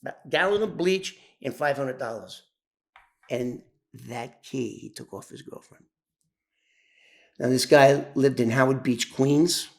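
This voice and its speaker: A man's voice: medium pitch, unhurried, long pauses. A man telling an old story in casual, profane, rambling talk full of restarts and asides. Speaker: former informant telling his story.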